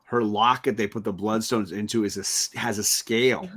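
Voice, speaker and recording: A man's voice: lowish voice, fairly even intonation, moderate pace, fairly bright tone, slightly rough. A man hosting a live stream, chatting casually and enthusiastically about comics and often checking in with "right?". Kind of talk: casual comic book discussion.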